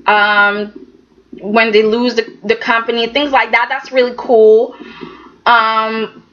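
A woman's voice: a little high, little pitch movement, takes it slowly, muffled recording. A woman recapping a soap opera in a chatty, emphatic way, often saying "okay" and acting out the characters' lines. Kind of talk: casual recap commentary.

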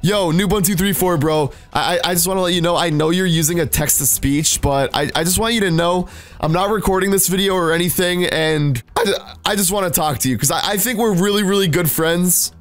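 A man hosting a Minecraft video, excitedly narrating to viewers with big jumps in his voice. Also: brisk, faint music behind. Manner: excitable, jumpy pitch, talks to the audience. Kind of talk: excited gaming commentary to viewers.

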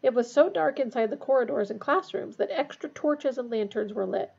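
Lady reading a story aloud, kinda raspy n husky, muffled lo-fi sound. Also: high-pitched, lively intonation, fairly quick, a little mellow. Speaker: reader. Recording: dull lo-fi recording.

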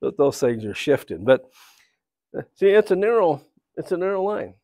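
A man's voice: fairly high pitch, very animated, normal speed, warm tone, no room sound. Rambling storytelling man at church. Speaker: church speaker. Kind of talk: anecdotal sermon talk.

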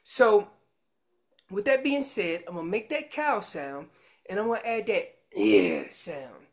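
A man's voice: sits high, big pitch swings, unhurried. A man explaining how to make an elk call, teaching in an earnest way and often repeating words as he goes. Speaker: elk calling instructor.

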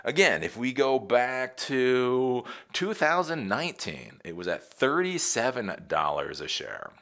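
A man hosting a casual commentary show, sarcastic and animated, laughing often. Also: medium pitch, unhurried. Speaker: tech commentary host.

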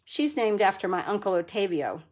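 A woman's voice: medium pitch, animated, moderate pace, darkish tone. A chatty middle-aged woman hosting a casual live stream from her home crafting corner. She laughs often and answers viewers by name.

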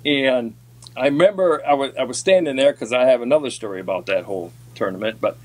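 A man in a casual podcast chat tells a long fishing-circuit story in a folksy, rambling way, stopping often for ums and restarts. His voice sits at an ordinary middle pitch. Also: quick pace. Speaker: podcast guest, former walleye tour pro.

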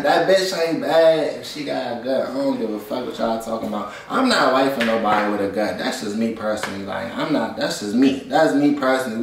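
A man's voice: mid-range voice, distant mic. A young man hosting, delivering a profane, rambling, slang-heavy comedic rant. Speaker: host. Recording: echoey room, voice away from mic.

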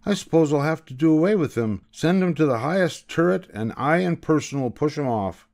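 A man voicing a petulant, hot-tempered young grand duke in a storybook reading, with a shrill and pushy delivery. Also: animated, brisk, darkish tone. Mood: furious.

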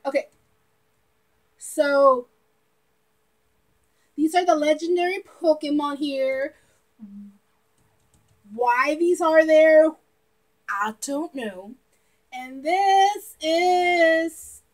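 Young woman gushing over a trailer, really high squeaky voice, drawn-out slow talk, giggly and loud. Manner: giggly and excitable, bursts into shouts. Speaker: vlogger reacting to a trailer. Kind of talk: excited reaction commentary.

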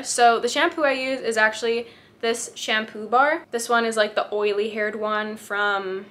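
A bubbly young woman vlogging straight to camera with a bright, slightly high voice. She chats in a casual, giggly way. Her tone stays friendly and easy. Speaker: beauty vlogger. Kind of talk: casual vlog chat to camera.

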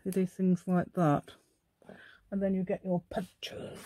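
A woman's voice: lowish voice, little pitch movement, brisk, darkish tone. A middle-aged woman demonstrating a craft project, rambling and chatting to herself in a playful put-on posh telephone voice. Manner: rambling, chatty, talks to herself while working. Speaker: crafting channel host.

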